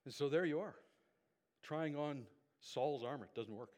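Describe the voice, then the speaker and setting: A man preaching a sermon, retelling a Bible story as an animated storyteller who checks in with his listeners. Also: a little high, moderate pace. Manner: animated storyteller with conversational asides. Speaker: pastor.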